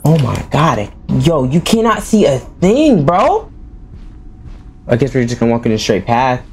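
A man's voice: medium pitch, very animated, measured pace, slightly rough. A man who is a gaming YouTuber gives jumpy, exclaiming commentary full of casual slang while playing a horror game.

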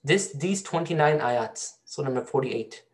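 A man's voice: mid-range voice, animated, moderate pace. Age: adult. Sex: man. Role: teacher. Style: storytelling Quran lesson to a class, quizzing students. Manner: storytelling, asks the class questions. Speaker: Islamic studies teacher.

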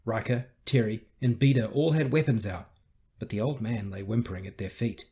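A man narrating an audiobook with measured, tense storytelling. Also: on the low side, steady tone, warm tone, husky. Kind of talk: scripted narration.

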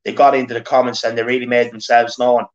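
A man's voice: medium pitch, level tone, fast talker. An Irish man around thirty hosting a football fan show, talking earnestly and repeating himself as he rallies the fans. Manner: earnest, repetitive, rallying the fans. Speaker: fan channel host. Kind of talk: casual football rant. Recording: dull lo-fi audio.

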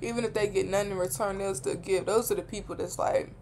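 A woman's voice: medium pitch, fairly even intonation, fast, background noise. Chatty young woman reacting casually. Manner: chatty, heartfelt, slangy, rambling. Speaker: reaction video host.

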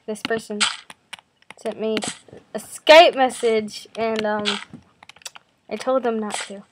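A woman's voice: mid-range voice, slight background noise, poor audio. A young woman with a slight cough from a cold, chatting in a self-deprecating, jumpy way over her gameplay in her bedroom. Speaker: gaming video host. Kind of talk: casual gameplay commentary. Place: bedroom at home.

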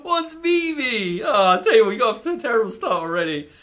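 A man's voice: high voice, sing-song, rapid-fire, a bit bright. A man who is a bit sick, rambling and giggling while he builds in a game as a let's-play YouTuber. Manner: giggly, rambling, self-mocking. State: sick, under the weather. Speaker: gaming YouTuber.

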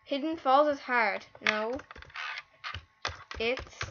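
A female host giving live gameplay commentary, excitable and easily frustrated, with lots of exclamations. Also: sits high, extremely slow, dull audio, noisy background. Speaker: gaming channel host.

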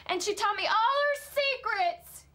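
A woman's voice: very high-pitched, animated, unhurried, bright, forceful tone, heavily acted. An actress playing a young pageant contestant who pleads in a girlish, whiny way about her dreams. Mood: defensive. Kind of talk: TV comedy acting.

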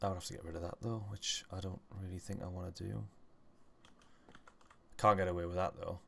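A man's voice: low voice, steady tone, a little fast, vocal fry. A man giving casual commentary while he plays a game, often muttering to himself and rambling into stories. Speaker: gaming channel host.

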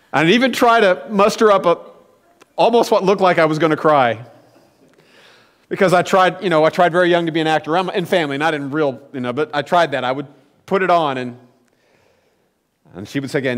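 Pastor, male, lively storytelling preacher, slightly high voice, church hall echo. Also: brisk, pauses often. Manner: animated, conversational storytelling with rising emphatic peaks. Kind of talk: sermon. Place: church sanctuary. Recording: long church hall reverb.

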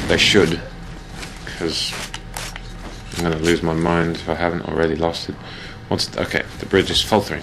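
Deep-voiced man rambling over gameplay. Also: little pitch movement, normal speed, background noise. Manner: rambling, self-mocking, jokey. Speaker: let's play host. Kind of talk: casual gameplay commentary.

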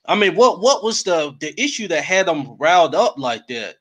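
A man's voice: fairly high pitch, very animated, moderate pace, crowd noise. A man hosting a fan podcast, asking his guest casual, probing questions. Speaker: podcast host. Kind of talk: interview questions.

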